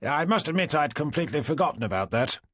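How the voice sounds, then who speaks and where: A blustering police superintendent with a booming, high-pitched voice that swings hard between hearty and fawning, as a man puts him on. His tone is lively and slightly husky. He is a character in a read-aloud crime audiobook. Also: fast talker, no room sound, clean studio sound, full character voice. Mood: flustered, fawning. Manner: booming, jovial and ingratiating.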